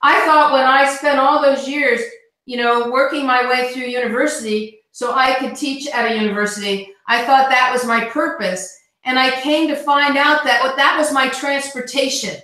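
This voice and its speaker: Woman, motivational speaker on a video call, tense bright tone, very echoey line. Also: high-pitched, steady tone, moderate pace. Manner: earnest, repeats words when starting. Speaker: guest speaker on team call. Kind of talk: motivational talk.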